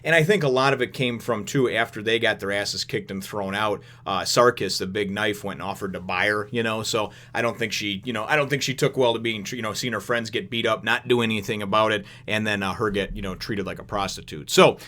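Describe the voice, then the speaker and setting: A man's voice: fairly quick, few pauses, bright, forceful tone. A man hosting a manga chapter review, rambling casually with lots of fillers. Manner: rambling, filler-heavy, acts out characters in high voices. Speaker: host of a manga review show.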